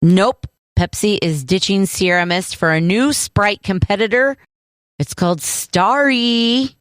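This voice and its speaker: A woman co-hosting a radio show, relaxed and wry in casual banter, often giving short replies. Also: medium pitch, unhurried, no echo.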